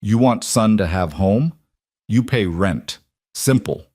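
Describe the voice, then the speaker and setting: A man's voice: fairly low pitch, animated, slow, darkish tone, slightly rough, no echo, studio quality, heavily acted. A man voicing a cold, callous landlord with a foreign accent who speaks in blunt, clipped broken English.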